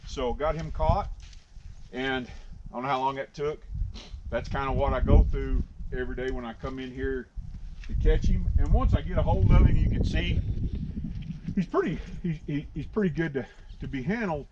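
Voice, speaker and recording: Middle-aged guy working a horse in a pen, drawly and calm, muffled lo-fi outdoor audio with noise. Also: fairly high pitch, moderate pace. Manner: plain-spoken, drawling, soothing murmurs to a horse. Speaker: horse trainer. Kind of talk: casual explaining while working.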